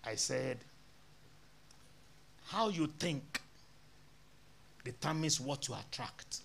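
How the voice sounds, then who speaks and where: A man's voice: mid-range voice, lively intonation, slow, gravelly, a bit bright, slight background noise. A male pastor, telling a story in a sermon and acting out both sides of the dialogue.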